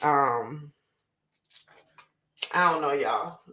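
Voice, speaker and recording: Chatty bright-voiced New Orleans woman. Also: low-pitched, extremely slow. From Louisiana. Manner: chatty, talks straight to viewers. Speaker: show host. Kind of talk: casual cooking chat.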